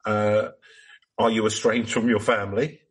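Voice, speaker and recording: A man voicing a self-righteous male cult guru in comedic improvised role-play, deadpan and mock-solemn. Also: on the low side, normal speed, husky. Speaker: guest.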